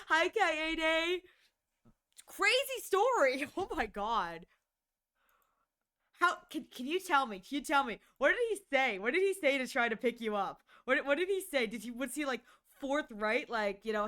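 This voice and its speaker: A woman's voice: high voice, moderate pace. A woman streamer chatting casually and gossiping with her viewers during an art stream, laughing often. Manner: giggly, gossipy, animated.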